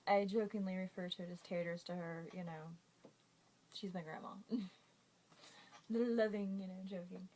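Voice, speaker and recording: A woman's voice: lowish voice, fairly even intonation, moderate pace, pauses often, dark tone, low-quality recording. A woman vlogger reading a list of words aloud in a casual, giggly, self-conscious way.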